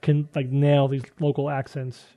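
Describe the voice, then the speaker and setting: A man hosting a casual panel chat, talking in quick bursts with many restarts. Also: mid-range voice, little pitch movement, lo-fi sound. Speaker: host.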